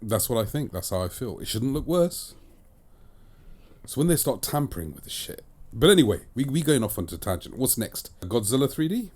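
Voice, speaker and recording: A man's voice: medium pitch, sing-song, brisk, a little mellow, breathy edge. A man hosting a casual podcast, giving chatty opinions and repeating phrases for emphasis. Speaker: podcast host and disc reviewer. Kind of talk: casual chat.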